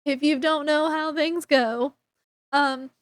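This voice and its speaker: Woman book reviewer, high, unhurried voice, chatty recap, dry close sound. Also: steady tone, dry recording. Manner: chatty, retells scenes with quoted dialogue.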